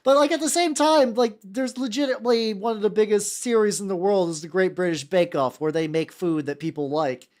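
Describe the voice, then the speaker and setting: An American VTuber streamer sits at a home workshop desk painting while chatting casually, rambling with lots of fillers, swearing offhandedly and greeting chat members by name. The voice is medium-pitched with a darkish tone, fairly quick and with hardly any pauses.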